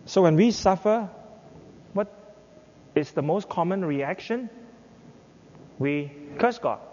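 Preaching slowly in an expressive, darkish voice, an older pastor fervently dramatizes pleading prayers, his pitch climbing as his fervor builds. The sound is that of a dull, reverberant hall with faint noise.

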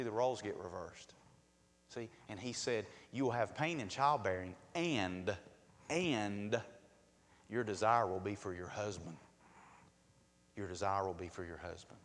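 A male pastor delivering a sermon, asking rhetorical questions and acting out quotes in a raised voice. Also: on the low side. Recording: long hall reverb.

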